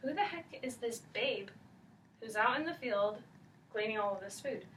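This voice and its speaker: A woman's voice: on the high side, animated, moderate pace, fairly bright tone, distant mic, slight background noise, low-quality recording. A woman doing a goofy smitten landowner. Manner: goofy, slangy. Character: smitten wealthy man, landowner.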